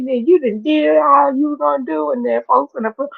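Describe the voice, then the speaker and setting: A woman vlogger chatting casually as she reacts to clips, expressive and quick to laugh. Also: high-pitched, vocal fry, no echo. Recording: tinny, phone-like dry sound.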